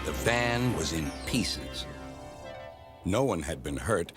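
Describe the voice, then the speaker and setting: A man narrating a children's train story in a gentle, expressive scripted reading. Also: low voice, slow. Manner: gentle and expressive, doing all the voices. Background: music score.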